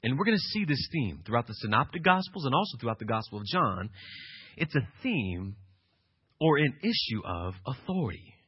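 A male pastor preaching an emphatic sermon, swinging from quiet passages to loud, insistent ones. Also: medium pitch, very animated, normal speed, breathy edge, no echo, lo-fi sound.

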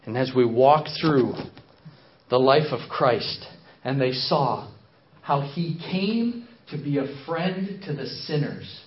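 A man's voice: mid-range voice, animated, slow, highs cut off, slight background noise. A man speaking as a missionary in a sermon, telling a story, acting out the quotes and repeating phrases for emphasis.

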